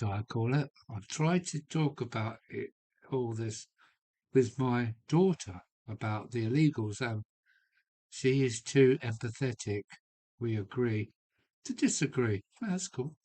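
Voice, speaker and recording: A man's voice: medium pitch, a little slow, darkish tone. An Englishman chatting on a live stream from his home loft, blunt and opinionated, rambling and swearing now and then. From England. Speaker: model railway live streamer. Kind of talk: casual rambling chat to a live audience. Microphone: live stream setup.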